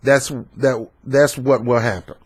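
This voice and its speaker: A man's voice: mid-range voice, steady tone, a little slow, darkish tone, slightly rough. A man from the American South, giving an emphatic, repetitive political rant and talking back at the people he discusses. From Southern United States. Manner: emphatic, repetitive, talks back at his subjects. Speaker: political commentator. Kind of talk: ranting political commentary.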